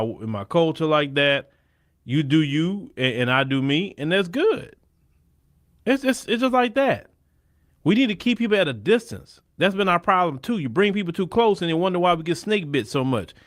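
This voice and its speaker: His voice is a little high with lively intonation and a moderate pace. As host of a laid-back political commentary show, he gives blunt opinions, frequently breaking off and starting sentences over.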